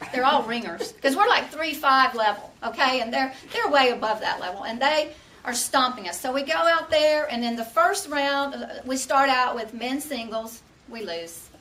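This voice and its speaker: A woman's voice: sits high, lively intonation, moderate pace, sharp tone, recorded from a distance, slight background noise. A middle-aged woman from Texas, giving a humorous tall-tale speech and laughing through her punchlines. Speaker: contest speaker.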